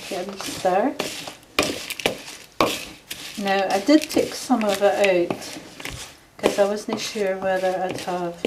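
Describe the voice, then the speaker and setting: A woman's voice: mid-range voice, heavy background noise. A Scottish woman chatting casually as she shows a recipe at home in her kitchen. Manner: chatty, homely, talks while working. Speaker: home vlogger.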